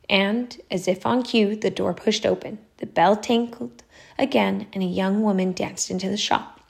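A woman narrating a storybook aloud in a measured, expressive way. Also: mid-range voice, creaky.

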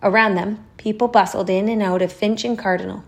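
A woman narrating a storybook aloud in a measured, expressive way. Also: medium pitch, vocal fry.

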